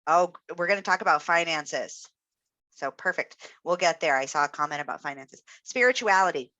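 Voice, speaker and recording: A woman's voice: deep voice, animated, moderate pace, sharp tone, dry recording. A woman speech-language pathologist giving an encouraging, reflective webinar talk, with frequent fillers. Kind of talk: webinar presentation.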